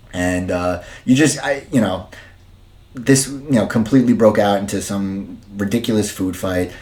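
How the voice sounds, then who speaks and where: A man's voice: on the low side, a little mellow. A man casually recapping and reviewing a show as a podcast host, rambling with many fillers and restarts. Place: dim room at home.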